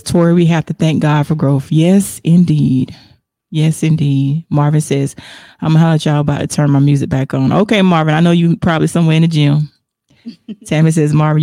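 A woman's voice: low voice, gravelly, dark tone, no room sound, clean studio sound. A woman hosting a casual faith livestream, reflecting aloud and reading viewer comments, laughing often between remarks. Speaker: livestream host.

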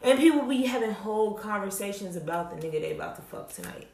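A young woman talking casually and bluntly, swearing freely and telling stories with animated emphasis. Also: mid-range voice, quick pace, reverberant, a little hiss or hum. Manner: blunt, profane, animated storytelling. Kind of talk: casual candid chat.

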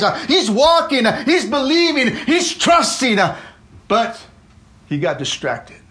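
A man preaching a fervent sermon as pastor, constantly dropping "amen" and "come on," and swinging between loud exclamations and low, quiet asides. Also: lively intonation, moderate pace.

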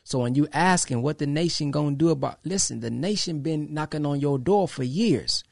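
A man's voice: fairly high pitch, normal speed, creaky, hardly any pauses, no echo, clean studio sound. A man hosting his own podcast, speaking in an emphatic, preachy way, repeating phrases and acting out quoted exchanges. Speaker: podcast host. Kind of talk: casual monologue to followers.

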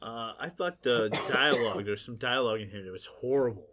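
A man co-hosting a podcast in casual chat, sarcastic and quick to laugh. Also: medium pitch, pushed and bright. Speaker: podcast co-host.

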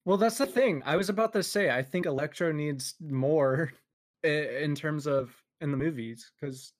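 A man's voice: a little high, normal speed, no echo, studio quality. A young man co-hosting a podcast, chatting with a teasing edge and hesitant starts. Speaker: podcast co-host. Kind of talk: casual chat.

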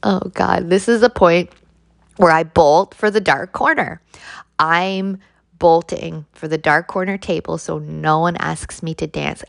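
A woman's voice: low-pitched, creaky, no room sound. A woman giving an intense, heavily profane motivational monologue, often adding a rhetorical "right?" for her audience. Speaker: vlogger.

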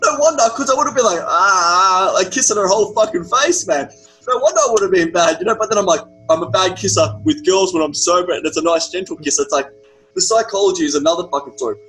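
A young Australian man in casual chat, telling an animated story with lots of swearing. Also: sits high, fast talker, faint music behind, rough recording. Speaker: podcast guest.

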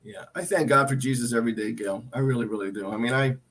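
A man's voice: medium pitch, fast talker, a bit bright. A man co-hosting a Christian talk show, teaching from the Bible in an earnest, emphatic way, often restarting and repeating himself. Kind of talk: Bible teaching in casual chat.

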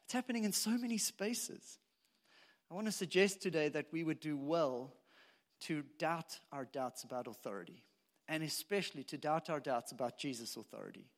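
A man with a high voice delivering a sermon as a pastor. He keeps it conversational, posing question after question and dropping in casual asides to his listeners. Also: animated, normal speed. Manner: conversational preaching full of rhetorical questions and asides.

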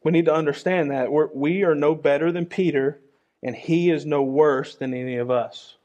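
A man's voice: a little high, steady tone, moderate pace, dark tone, muffled recording. A man preaching a sermon in an earnest, conversational way, often repeating his key phrases.

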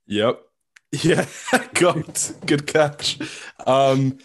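A young man with an English accent, chatting casually as a guest coach in an interview, full of ums and quick laughs. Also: a little high. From England. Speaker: coach and committee member.

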